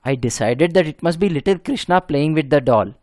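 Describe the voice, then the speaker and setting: A man voicing a humble, apologetic servant who pleads earnestly and loudly. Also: a little high, lively intonation, fairly quick, no echo, clean studio sound, natural voice.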